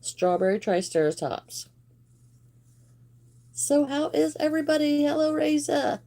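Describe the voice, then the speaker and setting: A woman's voice: high-pitched, big pitch swings, measured pace, mellow. A woman hosting a live crochet stream, chatting casually and greeting viewers by name while she works, laughing now and then. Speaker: crochet livestream host.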